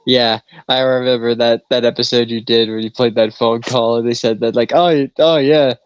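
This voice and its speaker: A man's voice: medium pitch, completely flat delivery, brisk, clear, resonant tone, muffled recording. A man co-hosting a podcast in casual chat, telling a long story in a rambling way and laughing often. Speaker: podcast co-host.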